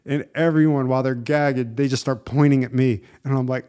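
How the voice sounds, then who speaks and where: A man hosting a podcast, telling a story in a casual, animated way and often saying "dude" and "man". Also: mid-range voice, normal speed, clean tone. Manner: animated and conversational, with frequent "dude" and "man", laughs at himself. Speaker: podcast host.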